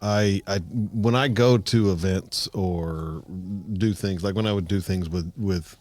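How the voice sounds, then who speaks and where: A man co-hosting a podcast, speaking in halting, self-deprecating casual chat. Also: low-pitched, darkish tone, no room sound. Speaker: podcast co-host.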